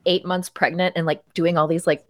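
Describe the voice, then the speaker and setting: A woman's voice: lowish voice, little pitch movement, brisk, dry recording. A woman co-hosting a podcast in casual, gossipy chat, peppering her talk with fillers. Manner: chatty, gossipy, lots of fillers. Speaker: podcast co-host.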